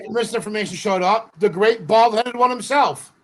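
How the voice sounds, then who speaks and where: A man's voice: high voice, moderate pace, crowd noise. A man, a wrestler guest, teasing and boisterous in a casual chat.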